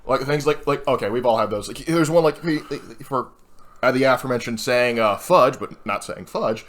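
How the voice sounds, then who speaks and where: A man's voice: medium pitch, normal speed, fairly bright tone. A man co-hosting a casual chat, rambling with many fillers as he talks about films. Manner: rambling, heavy use of filler "like". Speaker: co-host of a movie list video.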